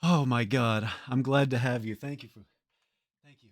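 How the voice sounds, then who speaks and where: Male live streamer, casual and excitable, quick to curse, medium pitch, dry close mic. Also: no room sound. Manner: excitable, swears a lot, thanks chat. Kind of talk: casual live-stream chat while playing.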